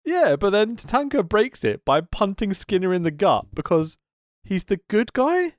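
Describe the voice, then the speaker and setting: A man's voice: high voice, sing-song, normal speed, no room sound, studio quality. A man co-hosting a casual wrestling podcast, laughing often and telling stories with lots of expression. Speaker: podcast co-host. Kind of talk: casual chat reviewing wrestling.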